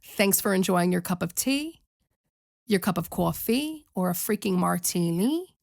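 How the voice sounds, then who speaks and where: A woman's voice: fairly low pitch, animated, measured pace, vocal fry. A young woman singer hosting her own show, chatting casually to camera in a sassy, chatty, self-motivating way. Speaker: singer and podcast host.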